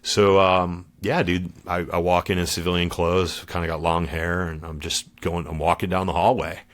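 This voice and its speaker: Deep-voiced laid-back former Marine storyteller. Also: male voice, flat delivery, normal speed. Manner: laid-back and slangy, calls host dude and brother. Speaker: podcast guest, former Marine. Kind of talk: casual storytelling interview.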